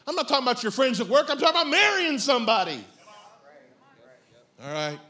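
Bright, animated male preacher. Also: extremely high pitch, brisk, pauses often. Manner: animated, shouting emphatic preaching with comic asides. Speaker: pastor. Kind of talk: sermon.

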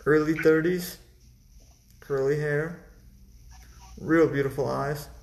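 A man telling a personal story casually, animated and halting, with many restarts. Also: on the high side, echoey room, a little hiss or hum.

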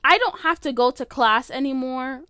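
A high-voiced young woman in her late teens runs her podcast from her bedroom, recording on a phone. Her voice is smooth and the sound is dry and close, with no room around it. She rambles in a loose, chatty way, packing her sentences with fillers and cutting herself off mid-thought. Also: moderate pace, sharp tone, no room sound. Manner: rambling, filler-heavy, self-interrupting. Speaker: podcast host. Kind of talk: casual solo podcast chat. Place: bedroom at home.

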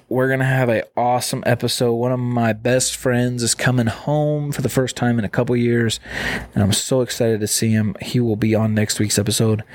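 A young man hosts a solo podcast and rants in a loose, profane way, wandering from story to story and acting out each character's lines. His voice sits at an ordinary middle pitch for a man, and a vehicle can be heard behind him. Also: a little hiss or hum. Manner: profane, rambling, animated storytelling with quoted voices. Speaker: podcast host. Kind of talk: casual solo podcast rant.

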